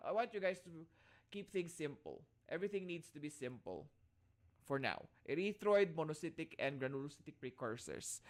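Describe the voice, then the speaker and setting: A man with a Filipino accent lecturing an online class, restarting phrases and checking in again and again with his listeners. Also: a little high. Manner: checks in constantly with "all right?"; restarts and repeats phrases as he explains.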